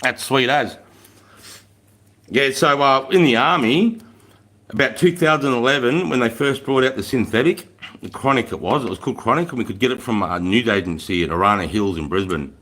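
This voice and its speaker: A man's voice: mid-range voice, animated, moderate pace, fairly bright tone. Aussie bloke in his 30s doing a livestream, easygoing, swears a lot, heavy slang. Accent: Australian. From Australia. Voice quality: laid-back, swears freely, lots of Aussie slang. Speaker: livestream host. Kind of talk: casual live chat reading comments.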